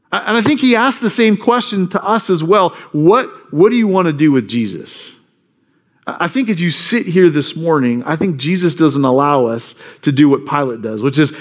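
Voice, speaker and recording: Male pastor, sermon, earnest, emphatic, slightly higher voice. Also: lively intonation, moderate pace. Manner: earnest, emphatic preaching with dramatic quoted voices.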